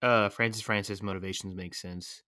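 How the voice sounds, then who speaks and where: A man's voice: lowish voice, steady tone, normal speed, bright, forceful tone, smooth, dry recording, clean studio sound. A young man co-hosting a film podcast, talking earnestly and loosely with lots of fillers. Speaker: podcast co-host. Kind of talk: casual film chat.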